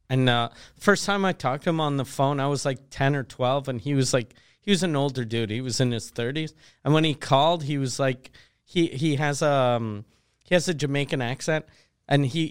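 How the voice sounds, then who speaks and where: A man co-hosting a podcast, cracking teasing, deadpan jokes. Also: medium pitch, clean tone. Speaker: podcast co-host. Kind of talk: casual comedic chat.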